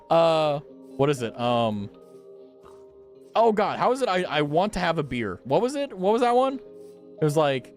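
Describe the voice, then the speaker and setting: A man's voice: fairly high pitch, big pitch swings, normal speed, long pauses, faint music behind. A man streaming a game, chatting casually and playfully stumbling through foreign words with frequent giggles. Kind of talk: casual live game commentary.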